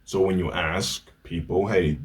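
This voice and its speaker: A man's voice: low-pitched, animated, measured pace, a little mellow, breathy edge. A man talking to camera in an earnest, reflective monologue, telling a story and asking rhetorical questions. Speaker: vlogger. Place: indoors, Hamburg.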